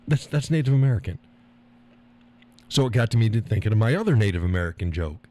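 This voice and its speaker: Low-voiced folksy man hosting a live stream. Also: animated, fast, pauses often, mellow, a little hiss or hum. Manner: rambling and folksy, chuckling often. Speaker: live-stream host reading viewer chat. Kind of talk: casual live-stream chat.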